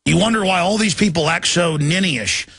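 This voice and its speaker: A male radio host pours out fervent, impassioned commentary that swells toward shouting. His voice is gravelly and husky at a middle pitch. The sound is dry and close to the mic. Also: moderate pace, no room sound. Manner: fervent, building to shouted outrage. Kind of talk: ranting political commentary.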